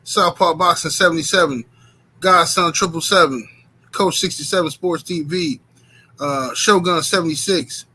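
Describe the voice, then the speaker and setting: A man hosting a live boxing talk stream, shouting out viewers by name in a relaxed, chatty way with many fillers. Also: on the high side, moderate pace, husky. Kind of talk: casual live-stream chat.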